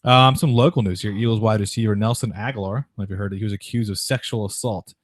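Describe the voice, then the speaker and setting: A man's voice: on the low side, steady tone, no echo, clean studio sound. A man hosting a sports podcast, chatting casually about sports news in a rambling way, with lots of restarts. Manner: rapid, rambling, with frequent restarts and mocking quoted voices.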